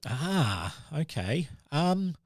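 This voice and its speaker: A dazed old gnome hermit who has forgotten his own name, as a man puts him on for a tabletop game, pitched well above an everyday voice. He stammers and rambles, and his voice swoops up and down a lot. The sound is close and dry. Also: sing-song, extremely slow, no echo, exaggerated voice. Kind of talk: tabletop role-play character voice.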